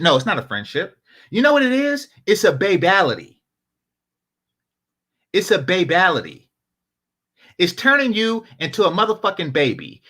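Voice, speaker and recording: A man giving casual commentary, an animated storyteller who swears freely. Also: high voice. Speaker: panel commentator.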